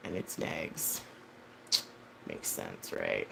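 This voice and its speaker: A woman in her thirties talks casually to her live viewers, rambling and blunt, with plenty of swearing and restarts. Her pitch swings widely and animatedly from phrase to phrase. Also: sing-song, moderate pace, fairly bright tone, slight background noise. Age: 30s. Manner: rambling, blunt and heavily profane; frequent fillers and self-corrections. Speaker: livestream host.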